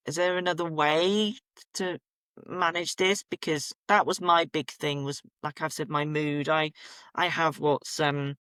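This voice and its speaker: A woman, a podcast guest telling her own story candidly, lively and acting out what people said to her. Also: sits low, no room sound, clean studio sound. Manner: animated, acts out quoted voices, laughs at herself. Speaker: podcast guest, menstrual cycle coach.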